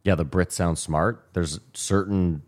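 Brief: Canadian male co-host, very low voice, profane, blunt joker. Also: steady tone, measured pace, darkish tone. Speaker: podcast co-host. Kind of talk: casual banter.

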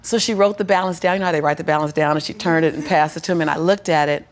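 Gravelly, animated woman storyteller. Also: sits low, rapid-fire. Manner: animated, acts out the people in her story; preaching cadence, repeats key phrases. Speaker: motivational speaker. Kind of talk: personal storytelling in an interview.

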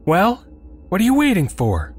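Man doing a high-pitched, bossy woman crook, sarcastic and threatening, for a horror audio story. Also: wildly swooping pitch, moderate pace, darkish tone, breathy edge, soft background music, exaggerated voice. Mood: sarcastic menacing. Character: tough sarcastic woman criminal, menacing.

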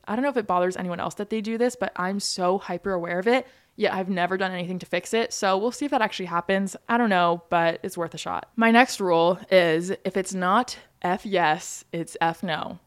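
A woman's voice: fairly low pitch, a little fast, few pauses, smooth. A woman in her early twenties hosting her own podcast, chatting casually with lots of "like" and "you know" fillers. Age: young adult, 22. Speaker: podcast host. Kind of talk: casual solo podcast chat.

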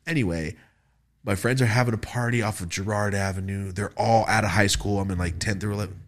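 A young man hosting a podcast, telling party stories in casual, profane, animated style. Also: on the low side, fairly quick. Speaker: podcast host. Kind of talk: casual storytelling.

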